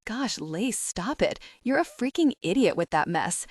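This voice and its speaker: A woman voices a catty, vain rich young woman, pitching her medium voice above her own natural register. She's very animated yet unhurried, and the recording is dry and studio quality.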